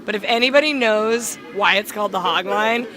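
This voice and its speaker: A woman's voice: medium pitch, fairly quick, sharp tone, soft background music. A woman doing live curling commentary at a curling club, teasing her co-host dryly and steering back to the game. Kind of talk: live sport commentary, joking banter.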